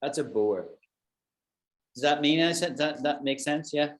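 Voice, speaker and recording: British male English tutor, slightly high voice, chatty explainer on an echoey video call. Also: unhurried. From Britain. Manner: chatty, explains with examples and checks understanding. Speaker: English teacher. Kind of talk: online English lesson with students.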